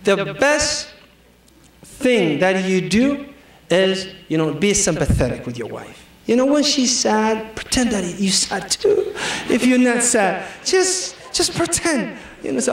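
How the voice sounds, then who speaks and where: A man's voice: high voice, very animated, slow. Man preaching with humor, far off in an echoey hall. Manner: humorous, acts out quoted dialogue. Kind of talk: sermon.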